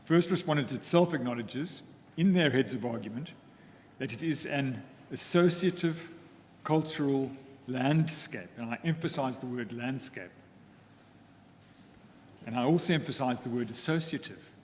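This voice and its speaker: A male advocate, presenting a legal argument in a measured, formal manner, pausing often between phrases. His mid-pitched voice carries a long echo from the courtroom, with faint ambient noise behind him. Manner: measured, deliberate, formal, with frequent pauses. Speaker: counsel for the applicants.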